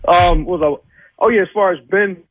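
A man's voice: sits high, a little fast, dry recording. A man calling in to a sports radio show, rambling and hesitant with many fillers. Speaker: caller. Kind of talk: phone-in call. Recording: dull phone line.

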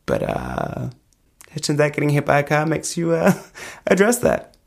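A man's voice: on the high side, huge pitch swings, moderate pace, creaky. A young man being interviewed as a guest. He tells candid stories in a chatty way, laughs often and acts out voices in his anecdotes.

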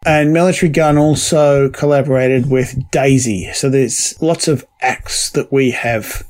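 A man's voice: medium pitch, measured pace, a little mellow. Sardonic New man co-hosting a music podcast, profane and teasing. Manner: sweary, sardonic banter. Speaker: podcast co-host. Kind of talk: casual chat.

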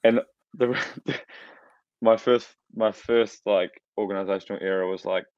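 Kiwi bloke in his 30s, low voice, rambly self-mocking stories, dry dull lo-fi audio. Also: steady tone, a little slow, darkish tone, dry recording. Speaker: podcast co-host. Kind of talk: casual chat.

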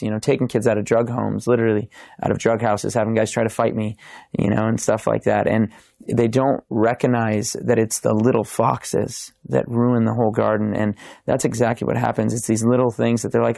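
A man's voice: lowish voice, little pitch movement, brisk, vocal fry, darkish tone, no echo, studio quality. A man in his thirties, a podcast guest telling his faith testimony in an earnest, restart-filled storytelling way. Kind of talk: testimony in casual interview.

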